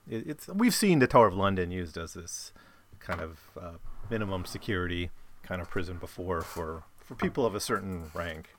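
Low-voiced man rambling about a book. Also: fairly bright tone. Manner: rambling, many fillers and restarts. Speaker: book discussion host. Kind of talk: casual book summary talk.

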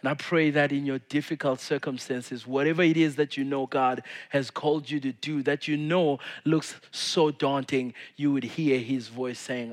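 A male pastor preaching a casual sermon to his congregation, swinging between loud emphasis and hushed asides. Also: medium pitch, steady tone, moderate pace, hardly any pauses.

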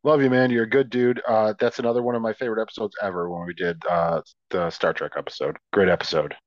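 A man's voice: lowish voice, steady tone, fast, no echo, dull audio. A man co-hosting a podcast in casual chat, joking and teasing with profane affection. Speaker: podcast co-host.

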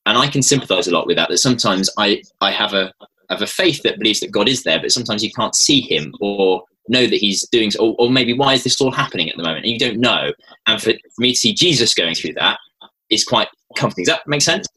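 A Christian guest explains Bible passages in casual conversation, thoughtful and hesitant, with many ums and restarts. His voice is on the low side, expressive, brisk, bright, forceful, and husky, though the audio is poor.

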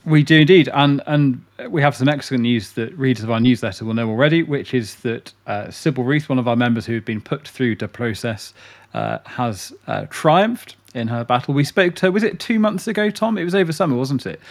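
A man's voice: mid-range voice, animated, a little fast, hardly any pauses. A man co-hosting a podcast, speaking in a wry, hesitant way with many fillers. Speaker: podcast co-host. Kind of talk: casual podcast chat.

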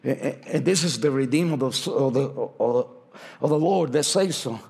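In a church sanctuary, a pastor delivers a passionate sermon in a husky, mid-range male voice at a normal pace. He swings from shouting to hushed, almost whispered lines and drops in Spanish phrases along the way.

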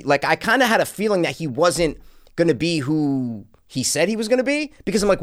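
A man's voice: fairly high pitch, a little fast, dry recording. Guy rambling about a movie on a podcast, lots of restarts, dry close sound. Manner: rambling, animated, many restarts. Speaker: podcast co-host. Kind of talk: casual movie review chat.

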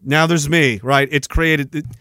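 A man's voice: fairly high pitch, fairly even intonation, unhurried, pushed and bright, dry recording. A man hosting a podcast, ranting sarcastically and with a lot of profanity while reading out messages. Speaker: podcast host.

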